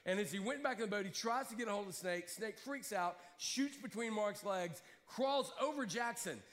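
A man's voice: high voice, normal speed, a bit bright, big-room sound. A man from Alabama, telling a rambling story in a sermon with many restarts.

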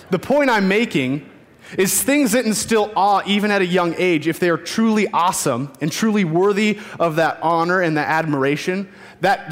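A man's voice: high voice, big-room sound. A man preaching a sermon as youth pastor, telling stories earnestly with emphatic repetition, in a church.

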